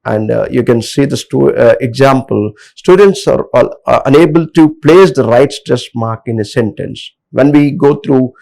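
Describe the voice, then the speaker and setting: Gravelly-voiced Indian English male lecturer. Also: mid-range voice, darkish tone, poor audio. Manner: halting, many filler pauses. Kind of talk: classroom lecture.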